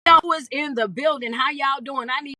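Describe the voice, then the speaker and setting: A woman motivational speaker hosting a phone live stream while on the road, talking in an energetic, preacher-like call-and-response style and greeting viewers one by one. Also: high-pitched, moderate pace, no room sound. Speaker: motivational speaker and life coach.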